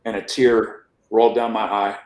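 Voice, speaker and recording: The podcast guest's lowish voice shows little pitch movement, moves at normal speed, and sounds a little mellow in an echoey room. Rambling casually through his life story, he keeps restarting words and asking "right?".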